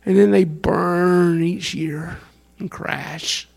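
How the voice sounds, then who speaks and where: A man preaching a sermon in an animated way, acting out the voices of fans and worshippers. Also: sits high, extremely slow, vocal fry. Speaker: pastor.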